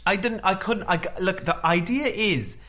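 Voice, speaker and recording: A man's voice: sits high, expressive, normal speed, bright, forceful tone. A man co-hosting a casual film review podcast, rambling, restarting sentences and laughing often. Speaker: podcast co-host.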